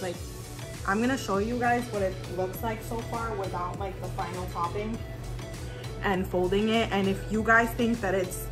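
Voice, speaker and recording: A woman talks to her viewers in a loose, rambling way, full of fillers, while she makes a meal in her kitchen. Her voice sits at an ordinary middle pitch. Music plays clearly underneath. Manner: rambling, chatty, many fillers. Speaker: vlogger. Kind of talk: casual cooking vlog chat.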